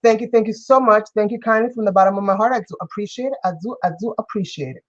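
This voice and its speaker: A woman's voice: medium pitch, fast, lo-fi sound. Effusive New woman hosting a craft stream. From New York. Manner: effusive, greets and thanks viewers by name. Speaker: craft live-stream host. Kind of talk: casual live-stream chat while crafting.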